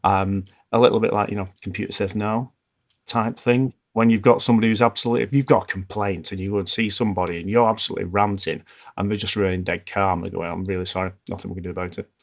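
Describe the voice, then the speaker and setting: A man speaking as a podcast guest, telling stories in a calm, smooth, measured way with frequent restarts. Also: on the low side. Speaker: podcast guest, former hostage negotiator. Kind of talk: conversational interview storytelling.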